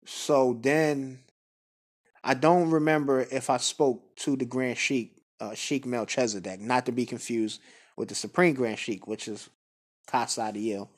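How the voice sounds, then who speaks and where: A man's voice: medium pitch, fairly even intonation, unhurried. A man casually telling a personal story in a laid-back, conversational way. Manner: laid-back, conversational, with frequent fillers and asides. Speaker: guest speaker.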